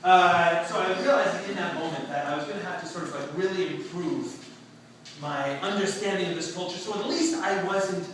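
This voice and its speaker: A young man telling a lively story to an audience at a reception, acting out the dialogue with laughs. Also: sits high, brisk. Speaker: speaker at a reception talk. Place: event room, recorded from a distance. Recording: echoey room, far-off mic, background noise.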